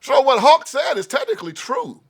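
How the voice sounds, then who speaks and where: A man hosting his own show, delivering an opinion commentary monologue that swings between loud outbursts and low mutters, with frequent laughter. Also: huge pitch swings, normal speed. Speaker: show host.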